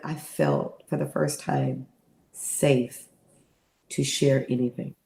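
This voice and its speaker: Her voice is low-pitched and slow, with vocal fry. She is a middle-aged interview guest who animatedly recounts a personal story, acting out the voices she quotes.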